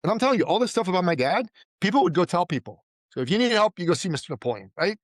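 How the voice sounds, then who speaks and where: A man from Iran talking as a guest in a casual interview. His voice sits a little high for a man, and he is recorded dry and close. He tells his stories with energy and slips into the voices of the people he quotes. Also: very fast, dry recording. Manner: animated storyteller who acts out quoted voices and often says "like" and "right?". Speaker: podcast guest, entrepreneur.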